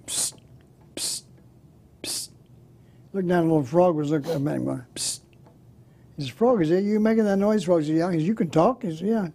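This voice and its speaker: A man's voice: on the high side, gravelly, warm tone, slight background noise. An older man, a comedian guest telling jokes in a chat show, often laughing at his own punchlines.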